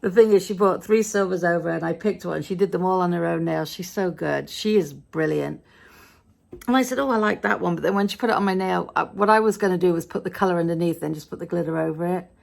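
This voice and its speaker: A middle-aged woman with a British accent tells the story of her day in a chatty, grumbling vlog. Her voice sits low and carries a gravelly, creaky edge. She sounds tired and a little frustrated, with wry asides. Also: fast, darkish tone. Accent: British English. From Britain. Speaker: vlogger. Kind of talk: casual day-in-the-life vlog chat.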